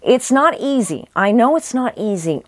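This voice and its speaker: A woman's voice: on the high side, very animated, normal speed, no room sound. Rambling woman giving a tarot reading. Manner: rambling, many restarts and fillers. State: losing her voice. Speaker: psychic tarot reader. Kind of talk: casual spoken tarot reading.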